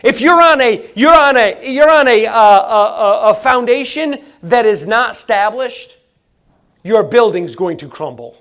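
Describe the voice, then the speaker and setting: A man preaching a sermon in an animated, emphatic, folksy way, with repeated phrases and sudden swings between loud and soft. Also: very high-pitched, measured pace.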